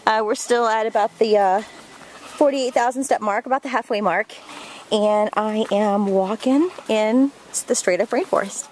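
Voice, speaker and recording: Woman vlogger, bright motivational energy, high-ish voice, outdoor camera audio with steady background noise. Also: a little slow. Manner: upbeat, motivational, laughs often. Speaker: vlogger, fitness doctor. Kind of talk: walking vlog to camera. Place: outdoors in a rainforest.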